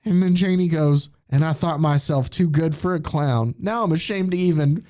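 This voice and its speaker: Male podcast host, pitched a bit high, hammy read-aloud of comic dialogue, casual banter. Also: normal speed, dark tone. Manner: acts out the comic's lines in playful voices, laughing. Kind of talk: casual comedic chat, reading comics aloud.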